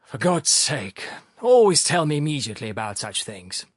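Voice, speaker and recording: A man's voice: mid-range voice, big pitch swings, moderate pace, no room sound. A stern, exasperated older professor who scolds with severe indignation, as a male narrator voices him. His tone swings widely from outrage to weariness. Close, dry audiobook recording. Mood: commanding.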